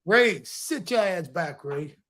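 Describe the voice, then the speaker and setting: A man's voice: sits high, expressive, slow, over a noisy crowd. A man co-hosting a casual podcast chat as a former wrestler, boastful and teasing as he talks over the others.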